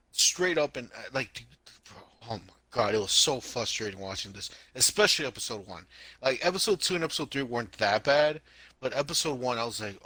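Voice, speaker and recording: A man co-hosting a podcast in casual chat. His voice is bright and forward, and he talks in an animated, emphatic way, circling back to repeat his points. The sound is dry and close. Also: mid-range voice, dry recording. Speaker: podcast co-host.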